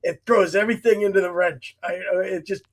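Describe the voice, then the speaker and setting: A man with a notably high pitch tumbles eagerly through a story, restarting phrases as his excitement runs ahead of him. He comes across as a guest chiming in on a relaxed chat. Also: brisk. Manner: excitable, tripping over his words as he builds a point. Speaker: podcast guest. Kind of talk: casual chat.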